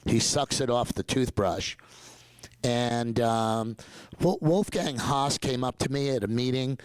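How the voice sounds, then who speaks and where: Energetic older man telling stories. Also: mid-range voice, slow, clear, resonant tone, no room sound, poor audio. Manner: energetic, digressive, slips into mock accents for quotes. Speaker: dentist guest. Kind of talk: enthusiastic conversational storytelling.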